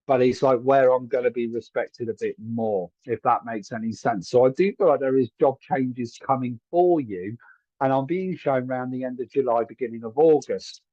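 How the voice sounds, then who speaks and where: A man's voice: mid-range voice, mellow, no echo, highs cut off. A man giving live psychic readings to viewers from a room at home, chatty and hedging, often checking whether his words make sense. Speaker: psychic medium.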